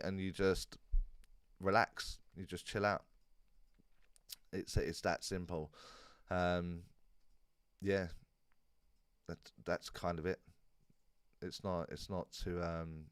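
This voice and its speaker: A man hosting a live Q&A stream in a relaxed, rambling way, with many fillers and restarts. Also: low-pitched, clean tone, no room sound, studio quality. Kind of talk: casual live-stream chat.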